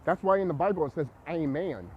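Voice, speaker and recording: A man with a high voice vlogs in an agitated, preachy monologue. He swears freely and keeps repeating himself. His pitch leaps around with lively swings. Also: fairly quick, dull audio, slight background noise. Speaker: vlogger. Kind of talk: ranting monologue to camera.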